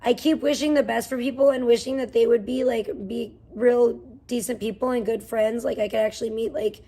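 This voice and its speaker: A woman's voice: a little high, fairly even intonation, fairly quick, dark tone. A young woman streaming from home, venting in a profane, rambling rant. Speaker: livestreamer. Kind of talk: angry livestream rant.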